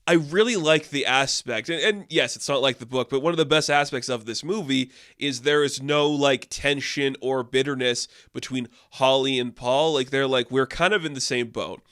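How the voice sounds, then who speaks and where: A man's voice: medium pitch, sharp tone, smooth. A man reviewing a classic film in casual, enthusiastic chat, with many fillers and restarts.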